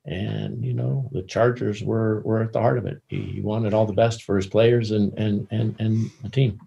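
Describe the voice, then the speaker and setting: Deep-voiced older man telling stories. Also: little pitch movement, gravelly, mellow, dull audio. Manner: halting, repeats words while searching for them. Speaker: interview guest telling stories. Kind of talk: casual anecdotal storytelling.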